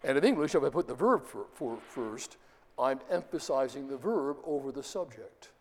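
A man's voice: medium pitch, expressive, moderate pace, a little mellow, big-room sound. A man giving a classroom lecture, explaining step by step and asking his students questions as he goes. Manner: explanatory, stops often to ask the class.

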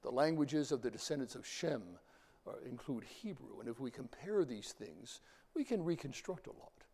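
A man's voice: medium pitch, animated, moderate pace, a little mellow. A man giving an informal lecture, talking in a rambling way with fillers and repeated words. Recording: long hall reverb.

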